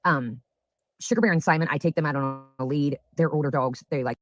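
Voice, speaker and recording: A man's voice: on the high side, a little fast. A man in a casual home vlog, rambling chattily while tasting food. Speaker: food vlogger.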